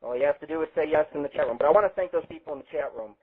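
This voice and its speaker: A brash, boastful, heavily profane man hosts a rambling live internet radio show, talking rapid-fire in a slightly high, husky voice. Recorded on a webcam setup, the sound is thin and tinny, as if over a phone line.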